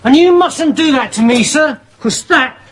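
A man's voice: very high voice, expressive, very noisy. A man playing a dim, earnest army private in a studio sitcom, muddled and always saying sir. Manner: slow, muddled earnestness, says sir a lot. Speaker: soldier.

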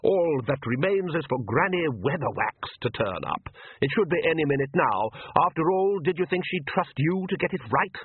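A man's voice: fairly high pitch, expressive, normal speed, slightly rough, dry recording, voice pushed up. A man voicing a contemptuous, aristocratic male vampire count who drawls with lofty scorn, heard as tinny phone-like audio. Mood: scornful. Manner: sneering, drawling and condescending.

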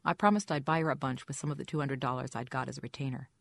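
A woman's voice: rumbling low, very fast, gravelly, no room sound. A woman reading a first-person story aloud in a dry, wry storytelling manner. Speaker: audiobook narrator. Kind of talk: scripted first-person narration.

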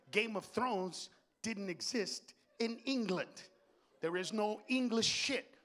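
Brief: male stand-up comic, high bright voice, crude and loud, quick to do voices. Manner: crude, loud, jumps into impressions. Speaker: stand-up comedian. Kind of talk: stand-up comedy. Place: comedy stage before a live audience.

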